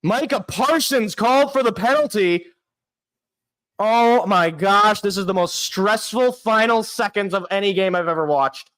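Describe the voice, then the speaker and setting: A young man hosting a sports show, calling a live game play by play as a fan and reacting loudly, often shouting in disbelief. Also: high voice, measured pace. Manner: excitable, shouting and anguished at big plays. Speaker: sports podcast host.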